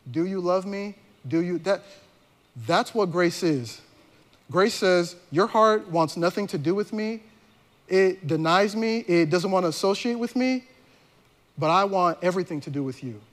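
High-voiced man preaching a conversational sermon. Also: a little slow. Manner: conversational preaching, acts out dialogue with slangy voices. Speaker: pastor. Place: large church hall.

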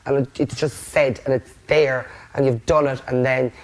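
Sweary guy reassuring a friend, blunt and warm-hearted chat, mid pitch. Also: flat delivery, normal speed. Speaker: reality show contestant.

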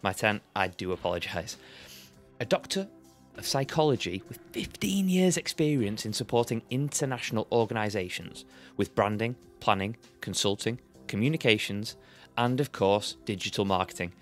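A man's voice: on the low side, lively intonation, normal speed, soft background music. A man hosting a podcast, upbeat and jokey, moving from a scripted intro into casual interview chat. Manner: upbeat and jokey, laughs easily. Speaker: podcast host.

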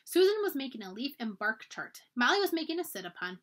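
A woman, a librarian, reading a children's chapter book aloud with expressive storytelling. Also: sits high, fast.

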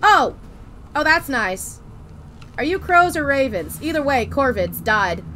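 A young woman playing a horror game on stream, joking, animated and swearing freely. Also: high voice, unhurried, a little hiss or hum. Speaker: gaming streamer. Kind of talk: casual let's play commentary.

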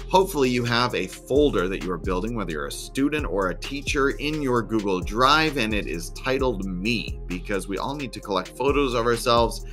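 A man, a teacher, narrating a screen-recorded software tutorial in a chatty, step-by-step way with dry little asides. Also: lowish voice.

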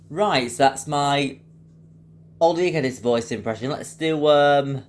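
Deep-voiced male host, casual and unhurried, hesitant with fillers. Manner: relaxed, hesitant with frequent fillers. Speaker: video host. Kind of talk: casual vlog talk.

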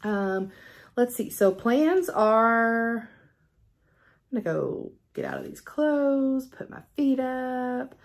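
A middle-aged woman vlogging at home in a casual unboxing chat, gushing and excitable. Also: fairly high pitch, slow. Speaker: stitching vlogger. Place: at home with a cat.

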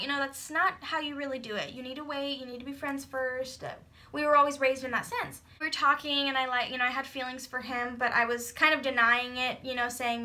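A young woman with a high, bright voice tells the story in a relaxed, chatty way, laughing now and then. It is a casual couple vlog. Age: young adult. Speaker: vlogger.

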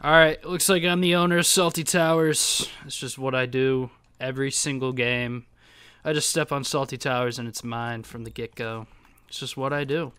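A young man giving casual, excitable gameplay commentary, swearing and jumping into high yelps. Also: moderate pace, smooth, no room sound. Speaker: gaming YouTuber.

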